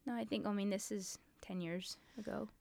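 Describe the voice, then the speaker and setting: A woman co-hosting a casual podcast, chatty and animated, quick to giggle. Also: mid-range voice, creaky, dry recording. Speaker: podcast co-host. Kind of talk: casual chat.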